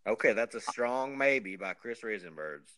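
A man's voice: lowish voice, animated, normal speed, fairly bright tone, a little hiss or hum. A man hosting a casual podcast, easygoing and laid-back, with frequent uh fillers as he talks. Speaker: podcast host.

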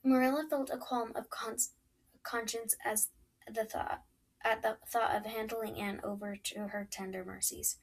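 A woman's voice: a little high, little pitch movement, a little slow, low-quality recording. A woman narrating a storybook, her reading unpolished, often stumbling and restarting words. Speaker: audiobook reader.

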